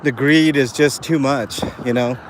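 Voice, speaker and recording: A man's voice: medium pitch, fairly even intonation, measured pace. A man talking to his live chat as he walks down a city street, rambling earnestly with lots of fillers. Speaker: live streamer. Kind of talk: walking live stream vlog. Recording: faint street noise outdoors. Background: street and traffic sounds.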